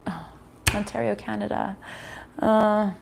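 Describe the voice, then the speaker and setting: A woman's voice: medium pitch, steady tone, slow, creaky, darkish tone. Chatty woman doing a live tarot stream. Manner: chatty, swears, laughs, often reads live chat. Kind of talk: casual live-stream chat and reading.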